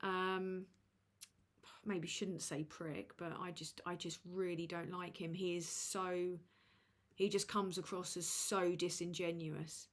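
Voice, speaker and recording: A woman's voice: lowish voice, level tone, slow pace. A woman hosting a casual livestream and reading out super chats, crude and sardonic as she roasts people. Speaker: livestream host.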